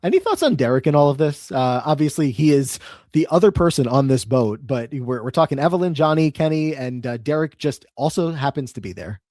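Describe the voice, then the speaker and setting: A man's voice: on the high side, expressive, brisk, a little mellow, no echo, studio quality. A man co-hosting a podcast, recapping events in a casual way with frequent ums and uhs. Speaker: podcast co-host.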